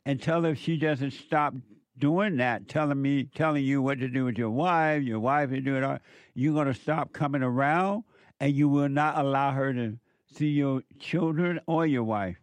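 A man hosting a call-in radio show, blunt and quick to laugh, lecturing his callers. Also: medium pitch, dry recording. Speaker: radio talk show host.

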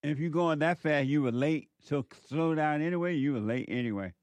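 A man's voice: a little high, brisk, darkish tone, dry recording. A man delivering a preaching monologue, emphatic and repetitive, full of rhetorical questions.

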